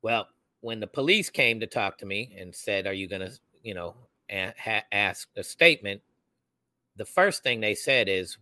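A young adult man co-hosting a podcast, telling a personal story in casual chat and acting out the people he quotes in loud voices. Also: on the low side, normal speed, no room sound. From United States. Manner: animated, acts out quoted voices loudly. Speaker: podcast co-host.

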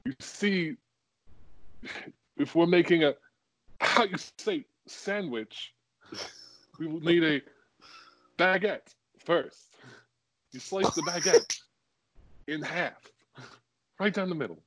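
Man putting on a mock-French accent, slow halting delivery, dry close recording. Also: fairly high pitch, a bit bright, no room sound, poor audio. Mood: deadpan. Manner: halting, slow, pausing mid-phrase. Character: Christopher Walken doing a French accent, explaining a sandwich.

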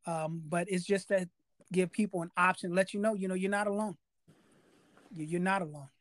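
A man's voice: high voice, fairly even intonation, normal speed, a bit bright, no echo. A man hosting a podcast interview, talking emphatically in a casual way and repeating key phrases for weight. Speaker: podcast host.

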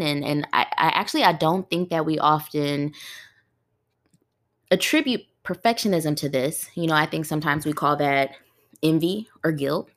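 A woman's voice: low voice, a bit bright. A woman hosting a podcast in a casual, conversational way, often putting rhetorical questions to her listeners. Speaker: podcast host. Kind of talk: casual solo podcast talk.

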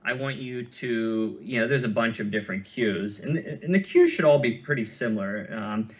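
A man's voice: medium pitch, expressive, moderate pace. A man as an interview guest, explaining running injuries in a thoughtful, conversational way with many fillers and restarts, heard over a remote call. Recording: muffled lo-fi audio.

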